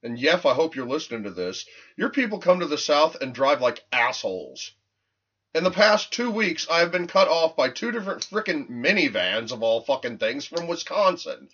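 A man's voice: a little high, very animated, moderate pace, a bit bright, slightly rough, dull audio. A man co-hosting a casual podcast, ranting in a profane, rambling way. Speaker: podcast co-host.

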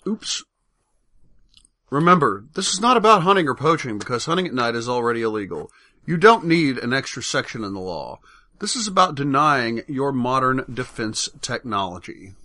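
Male podcast co-host, bright forceful tone, wry and persuasive. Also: medium pitch, sing-song, normal speed. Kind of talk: casual commentary.

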